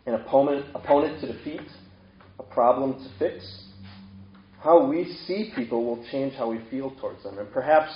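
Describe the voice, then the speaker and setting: A man's voice: mid-range voice, normal speed, slight background noise. A man preaching a sermon in a conversational way, asking his listeners a string of questions. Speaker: pastor. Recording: echoey room, dull lo-fi sound.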